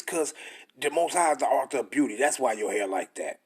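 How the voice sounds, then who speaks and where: A young man preaching and reading scripture aloud, emphatic and blunt, dropping into a slow, deliberate pace for the verses. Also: a little high, lively intonation, husky. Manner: emphatic, blunt and profane, slows way down to read verses. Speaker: scripture teacher.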